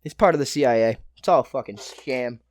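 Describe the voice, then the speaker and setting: A man's voice: mid-range voice, brisk, no room sound. A young man hosting his own podcast, breaking down fights alone in a loose, profane way with joking asides. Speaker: podcast host. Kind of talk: casual solo fight breakdown.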